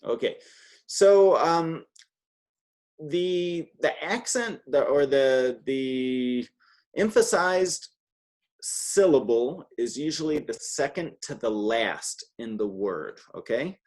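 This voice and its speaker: A man's voice: medium pitch, expressive, slow, darkish tone. A man teaching a one-on-one beginner Spanish lesson, chatty and patient, modeling words for his student to repeat.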